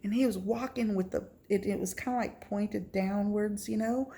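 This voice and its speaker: A woman's voice: mid-range voice, fairly even intonation, normal speed, dark tone. A woman vlogger telling a personal testimony story, acting out her reactions with gasps.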